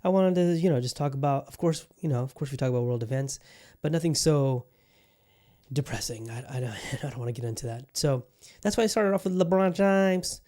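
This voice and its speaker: A man's voice: on the high side, mellow. A man hosting his own podcast, talking casually and rambling with lots of swearing, moving from somber to heated. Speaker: podcast host. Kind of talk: casual solo podcast rant.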